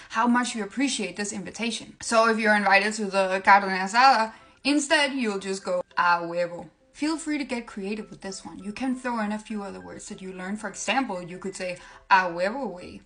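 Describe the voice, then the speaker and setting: Giggly woman with a higher voice. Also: fairly bright tone. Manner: playful, giggly, breaks into laughter. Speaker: language-tips creator. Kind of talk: comedic language tutorial.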